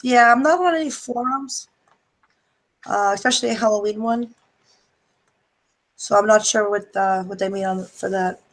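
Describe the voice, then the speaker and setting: A woman's voice: mid-range voice, normal speed, pauses often. Boston-accented woman guest, easygoing and chatty, casual chat. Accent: Boston-area. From Salem, Massachusetts. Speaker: guest paranormal investigator. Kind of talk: casual radio interview chat.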